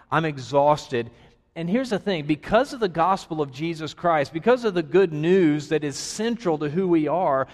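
A man preaching a sermon to his congregation, earnest, with dramatic pauses and rising emphasis. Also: on the high side. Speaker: pastor. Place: church sanctuary. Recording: long hall reverb.

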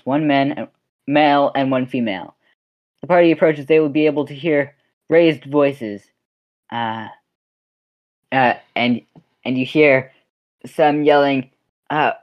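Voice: mid-range voice, muffled recording. Game master narrating with frequent restarts. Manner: rambling, with frequent restarts and laughs.

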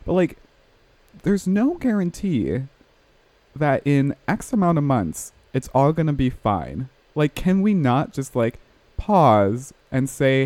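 A man's voice: medium pitch, big pitch swings, slow, a little mellow, no room sound. A man chatting casually, rambling with many fillers and laughing at himself. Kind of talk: casual chat over a video call.

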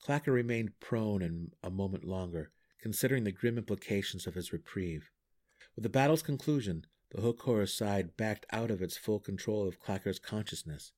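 A man reading a fantasy novel aloud for a podcast with dramatic, animated storytelling. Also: fairly low pitch, moderate pace. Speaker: audiobook podcast reader.

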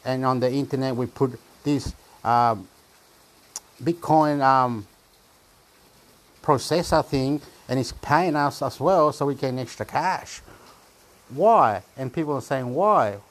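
A man chats his way through whatever is on his screen, reading bits aloud piece by piece. He stumbles, repeats words and jumps into loud exclamations, all in a loose, unscripted manner. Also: mid-range voice. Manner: chatty, exclaiming and laughing, halting and repeating words; reads web pages aloud piece by piece. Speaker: vlogger reading websites aloud. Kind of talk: casual rambling commentary.

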